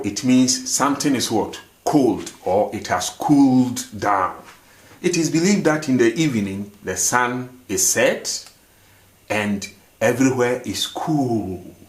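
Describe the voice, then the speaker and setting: A man, hosting a language lesson. He repeats phrases and keeps asking rhetorical "what?" questions before he gives the answer. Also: medium pitch. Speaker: language teacher, show host. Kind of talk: language lesson, slow and repetitive.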